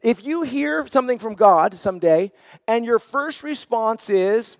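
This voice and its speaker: A man's voice: very high voice, animated, a little slow, creaky, no echo, studio quality, big-room sound. A man preaching a sermon as senior pastor, earnest and repeating phrases for emphasis.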